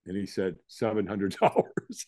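In a fairly low, unhurried voice, a middle-aged American interview guest relates something that happened to him, voicing each person's lines with animation. The recording is dry and of studio quality.

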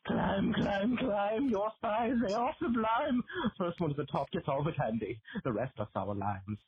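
A man's voice: sits high, measured pace, dull audio, slight background noise. A man voicing a giant melting man made of fudge who greets the players in sing-song cryptic rhymes during a tabletop game. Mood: creepy sing-song. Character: giant melting fudge man, creepy rhyming candy host.

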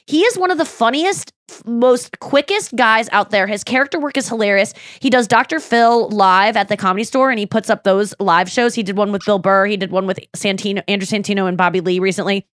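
A woman's voice: mid-range voice, no echo, studio quality. A woman co-hosting a podcast in casual chat, telling stories with energy, swearing freely and acting out quotes. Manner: animated storyteller who swears freely and acts out quotes. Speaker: podcast co-host.

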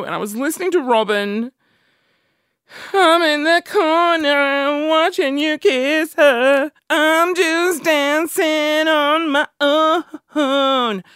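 A young Australian woman talks in an animated, rambling way and keeps poking fun at herself. Her pitch swings all over the place. The sound is dry and close, with no room echo. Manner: animated, rambling, self-mocking. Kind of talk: casual monologue.

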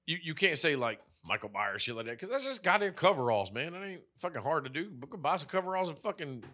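Podcast co-host, man in his thirties, somewhat high and sharply bright, swears constantly and rambles through his stories. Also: very animated, fast talker. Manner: profane, rambling storyteller with lots of fillers. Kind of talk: casual chat.

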